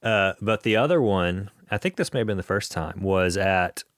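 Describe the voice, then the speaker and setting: A man's voice: low-pitched, normal speed, no echo, clean studio sound. A man hosting a podcast, chatting casually with his guest like a longtime fan. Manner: fan-like, recalling concerts. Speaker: podcast host. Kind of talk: casual interview chat.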